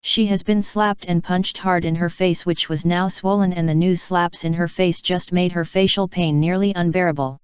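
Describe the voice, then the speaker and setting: A woman narrating an audiobook in an even, steady reading, on a dull lo-fi recording. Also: on the low side, normal speed, few pauses, clear, resonant tone, no room sound.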